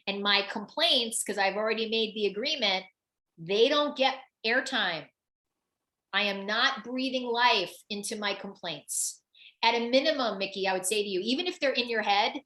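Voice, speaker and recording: Bright, emphatic woman coaching in a roomy room. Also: fairly high pitch. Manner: animated, emphatic, many "like" fillers and repeats. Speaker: business coach hosting a webinar. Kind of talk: live coaching conversation.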